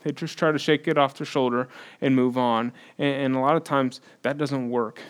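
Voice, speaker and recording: A man preaching a sermon in a conversational style, with frequent restarts, building to loud emphatic stretches. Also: mid-range voice, fairly even intonation, normal speed. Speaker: pastor.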